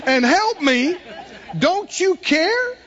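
A man's voice: extremely high pitch, sing-song, drawn-out words, a bit bright, some chatter behind, pitched above the performer's own voice, full character voice. A man acting out an exasperated, nagging woman in a complaining voice, on a dull lo-fi recording. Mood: indignant. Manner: complaining, indignant.

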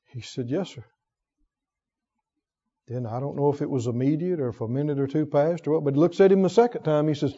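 A man preaching a sermon with fervor, swinging from hushed tones to shouts. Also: fairly high pitch, fairly quick, long pauses. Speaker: pastor. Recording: dull sound in a long-reverb hall.

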